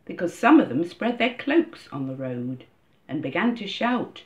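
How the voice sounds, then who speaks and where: A woman's voice: lowish voice, very animated, darkish tone. Woman reading a church reflection. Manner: measured, storytelling delivery. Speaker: church reader. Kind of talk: scripted first-person reflection reading. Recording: dull lo-fi recording.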